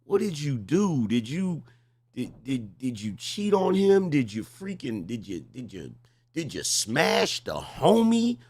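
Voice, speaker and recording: A man's voice: mid-range voice, big pitch swings, a little slow, warm tone, husky. A man in his forties hosting reaction commentary, mocking and incredulous, pressing the same question again and again. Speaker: commentary host.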